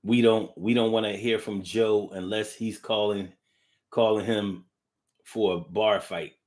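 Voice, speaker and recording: A man's voice: lowish voice, steady tone, measured pace, darkish tone. A man hosting a livestream, reading viewer comments aloud and musing in a casual, drifting way with frequent hums, restarts and the odd swear word. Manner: blunt, with casual profanity.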